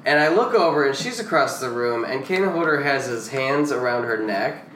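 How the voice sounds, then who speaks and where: A man's voice: medium pitch, lively intonation, normal speed, roomy sound, noisy background. A man co-hosting a podcast in casual chat. He talks in a rambling, chatty way and often trails off and restarts. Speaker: podcast co-host.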